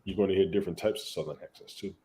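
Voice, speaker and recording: A man's voice: sits low, racing, warm tone, husky. A man from New York, co-hosting a podcast, talking in blunt, profane casual chat. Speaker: podcast co-host.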